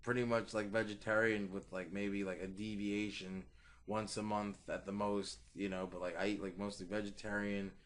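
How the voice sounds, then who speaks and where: A man's voice: lowish voice, level tone, moderate pace, fairly bright tone. Rambling, profane man telling a story. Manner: rambling, heavily profane, laughs mid-story. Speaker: podcast co-host. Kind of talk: casual storytelling chat.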